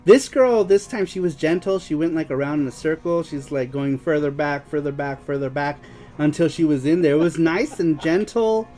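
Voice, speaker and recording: A man's voice: fairly high pitch, normal speed, dark tone, soft background music. Giggly young man in casual chat. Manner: prone to fits of giggling. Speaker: podcast co-host.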